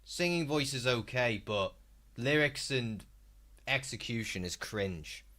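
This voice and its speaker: A man's voice: mid-range voice, animated, slow pace, a crowd in the background. A man live-streaming, reacting to a video with exasperated, sweary ranting.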